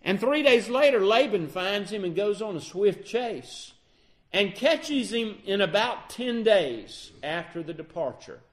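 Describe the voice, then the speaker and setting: High-voiced man retelling a Bible story. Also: very animated, unhurried. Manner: conversational, with fillers and self-corrections.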